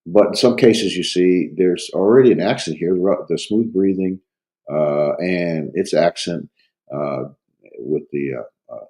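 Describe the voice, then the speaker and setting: A man with a cold teaching a Greek grammar review, talking haltingly with many fillers and thinking aloud. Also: sits low, mellow, low-quality recording. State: has a cold. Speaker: Greek instructor.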